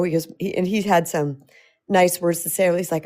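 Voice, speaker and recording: A middle-aged woman host telling a personal story in a chatty, animated way, laughing often. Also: lowish voice, fairly quick. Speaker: host and self-love coach. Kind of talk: storytelling talk.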